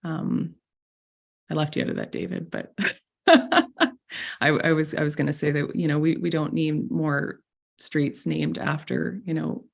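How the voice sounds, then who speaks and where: A man's voice: a little high, level tone, moderate pace, creaky. A man councillor in a council chamber, arguing his point in a loose, conversational way and teasing a colleague. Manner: conversational, teasing, lots of fillers. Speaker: city councillor. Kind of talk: council debate.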